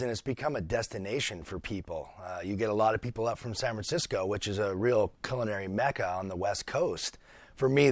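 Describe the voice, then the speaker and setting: A man from British Columbia, a chef, chatting as a guest in a radio studio, relaxed and friendly with lots of small hesitations. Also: lowish voice, dry recording. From British Columbia, Canada. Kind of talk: casual radio interview.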